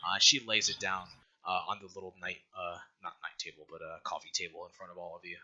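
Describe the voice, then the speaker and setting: A man narrating a tabletop game as game master, talking in a halting way with frequent fillers and restarts. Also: deep voice, fairly even intonation, sharp tone.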